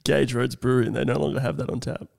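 A man's voice: mid-range voice, little pitch movement, rapid-fire, creaky, a little mellow. A young man co-hosting a casual comedy podcast, leading the chat with jokey teasing. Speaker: podcast co-host.

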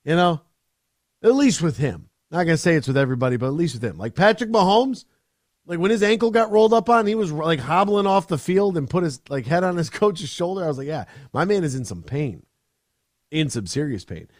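A man's voice: sits high, quick pace, no room sound, clean studio sound. A man hosting sports talk radio, chatting casually and rambling with restarts, mocking players in put-on voices. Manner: animated, rambling, mocks players with put-on quotes.

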